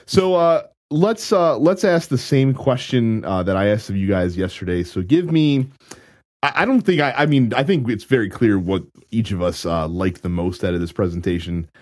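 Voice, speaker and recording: A man hosting a casual podcast, steering the talk in a halting way with many fillers. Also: lowish voice, expressive, darkish tone. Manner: moderating, hesitant with many fillers. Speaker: podcast host.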